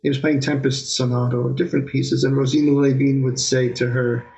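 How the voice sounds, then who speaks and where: A man, a pianist, telling lively stories in an interview and acting out his old teacher's remarks. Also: mid-range voice, brisk, vocal fry, rough recording. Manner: animated anecdotes, mimics his teacher's voice. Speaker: pianist guest. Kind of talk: conversational storytelling interview.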